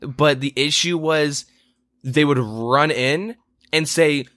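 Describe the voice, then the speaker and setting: A man's voice: on the high side, takes it slowly, a bit bright, no echo, studio quality. A man co-hosting a casual gaming podcast, telling a long rambling story with lots of swearing and exasperated asides. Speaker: podcast co-host.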